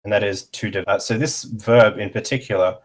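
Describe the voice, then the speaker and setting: A man giving a casual online pronunciation lesson, explaining slowly with many pauses and fillers while sharing his screen. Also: fairly low pitch, fairly even intonation. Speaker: language teacher.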